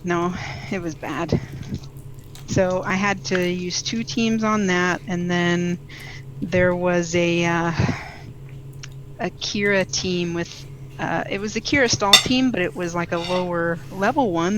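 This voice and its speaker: A woman's voice: lowish voice, measured pace, a little hiss or hum, poor audio. A woman co-hosting a casual gaming livestream, chatting and rambling about her matches. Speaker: gaming stream co-host.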